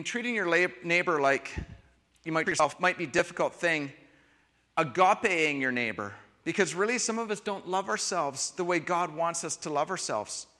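A man preaching a sermon, switching between quiet reflective lines and loud, emphatic ones. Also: fairly high pitch. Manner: expressive, shifts from soft to loud emphasis. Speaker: pastor. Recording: long hall reverb.

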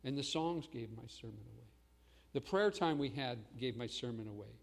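A man preaching a sermon as pastor, swinging between loud proclamation and hushed asides. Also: medium pitch, expressive, moderate pace, creaky, big-room sound.

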